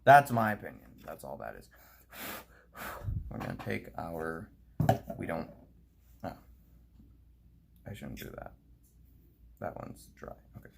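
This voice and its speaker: A man's voice: low voice, vocal fry. A playful young man narrating a casual hobby video, chatting to himself and his model as he works and sometimes dropping to a whisper. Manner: drops into quiet whispers while doing fiddly work.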